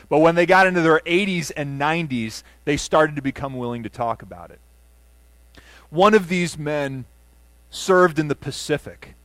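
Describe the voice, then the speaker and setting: A man preaching a sermon as pastor, earnest, building to emphatic runs and dropping to soft, low endings. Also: dry recording. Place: church sanctuary.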